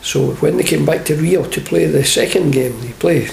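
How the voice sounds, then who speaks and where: Gravelly older Scottish man telling stories. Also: fairly high pitch, moderate pace. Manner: animated storyteller, acts out quoted voices. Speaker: interview guest, former football manager. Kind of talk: anecdotal interview chat. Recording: echoey room with faint hiss.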